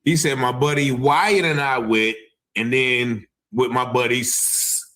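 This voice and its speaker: A man's voice: mid-range voice, steady tone, measured pace, fairly bright tone. Man hosting a speculative online news talk. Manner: speculative, repeats "allegedly" and "once again". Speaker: news show host.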